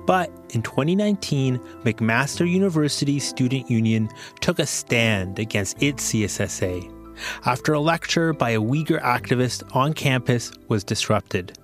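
A man's voice: mid-range voice, soft background music. Man reading a news report. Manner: measured, even reporting. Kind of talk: scripted news narration.

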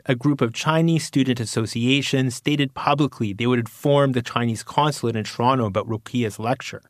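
A male reporter narrating a news story in a measured, scripted way. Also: mid-range voice, no room sound, clean studio sound.

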